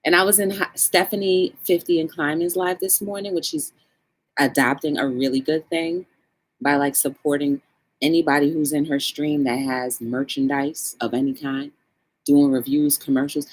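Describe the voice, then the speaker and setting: A woman's voice: sits low, moderate pace. A woman hosting a livestream talk show, chatting casually and encouraging her viewers. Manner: animated, encouraging, greets chat viewers.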